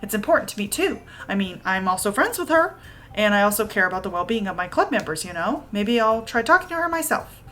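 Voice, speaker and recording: A woman reading the lines of a composed, polite schoolgirl club president in a calm, measured way. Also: mid-range voice, faint music behind.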